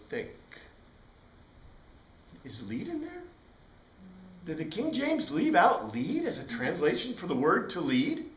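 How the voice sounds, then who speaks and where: Animated male Bible class teacher. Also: a little high. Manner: animated, digressive, spells out Greek words. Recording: roomy room, distant mic.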